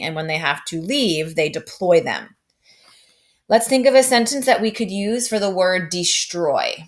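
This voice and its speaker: A woman teaching a remote phonics lesson to young children, patient and upbeat, often checking in with "right?". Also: fairly low pitch.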